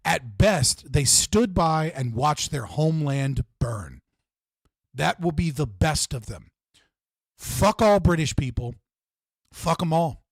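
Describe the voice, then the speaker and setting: A man's voice: fairly high pitch, lively intonation, takes it slowly, gravelly, no room sound, clean studio sound. A man hosting a live stream, ranting in a heated, profane way and repeating himself for emphasis. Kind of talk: livestream political rant.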